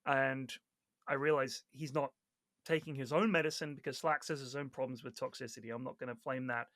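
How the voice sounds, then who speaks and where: A man chatting casually on a podcast, telling stories with lively acted-out quotes and plenty of swearing. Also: medium pitch, a little fast, no echo, studio quality. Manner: animated storyteller, acts out quoted people, swears freely. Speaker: Dota 2 caster, podcast guest.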